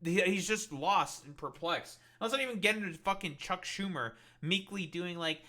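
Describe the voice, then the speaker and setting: A man's voice: high voice, expressive, normal speed, hardly any pauses, bright, forceful tone. A man streaming, ranting with profanity and exasperation while reading political news aloud. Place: home streaming setup.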